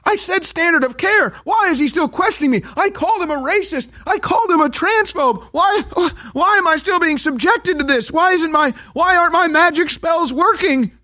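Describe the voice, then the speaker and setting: A man putting on a high, whiny voice to parody a confused woman witness. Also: expressive, normal speed, few pauses, bright, forceful tone, heavily acted. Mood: baffled whine. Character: flustered mocking woman witness, shrill and baffled.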